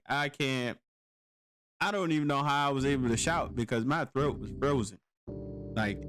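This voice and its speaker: A man, telling a profane war-story anecdote in casual podcast chat, acting out his own past lines. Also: mid-range voice. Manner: profane, animated storytelling with quoted exclamations. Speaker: podcast host, army veteran.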